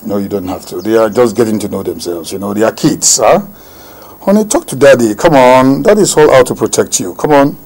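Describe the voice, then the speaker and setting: An actor playing a calm middle-aged father who gently reassures his wife and daughter. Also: lowish voice, a little fast, low-quality recording. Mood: reassuring.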